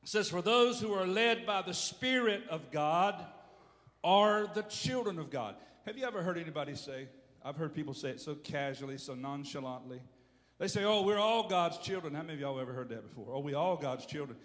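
A man preaching a sermon as pastor, swinging from low asides to shouted calls and urging the congregation to answer. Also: a little fast. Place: church hall. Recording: reverberant hall.

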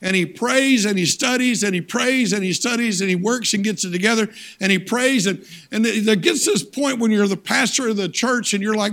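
A man preaching a sermon as a guest speaker, telling stories and slipping into loud character voices. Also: high voice, a little fast, hardly any pauses. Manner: storytelling preacher, swings into loud acted voices.

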